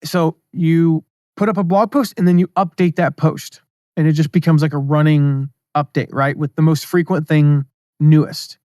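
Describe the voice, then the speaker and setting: Man, podcast host, casual teaching tone, slightly high pitch, dry close-mic sound. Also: steady tone, moderate pace, dark tone, no room sound. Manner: conversational, reads his own emails aloud, asides and fillers. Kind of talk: solo business podcast, casual instruction.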